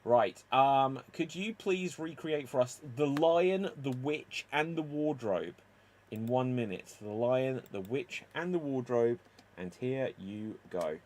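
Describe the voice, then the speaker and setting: A man hosting a live improv show over a video call, brisk and teasing as he runs the games. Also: medium pitch, lively intonation, a little mellow. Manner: brisk, teasing, keeps the game moving.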